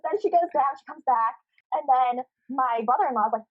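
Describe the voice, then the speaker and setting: A woman's voice: high-pitched, a little fast. A woman telling a wild anecdote in casual chat, giggling and swearing freely as she goes, heard over a video call. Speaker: guest storyteller. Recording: tinny call audio.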